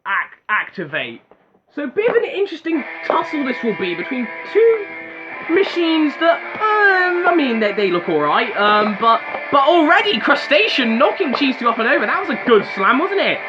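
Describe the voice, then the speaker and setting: A man's voice: very high-pitched, moderate pace. A young man giving casual, joking fan commentary on robot fights. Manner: joking, chatty, excitable asides. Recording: slightly dull lo-fi sound with music behind.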